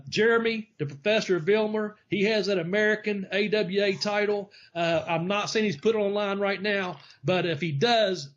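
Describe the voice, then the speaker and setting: A man with a fairly high voice, hosting a wrestling podcast in a loose, rambling way and laughing as he tells stories. The audio is dull and lo-fi. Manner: rambling storyteller, laughs often. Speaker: podcast host, former wrestler. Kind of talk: casual podcast chat.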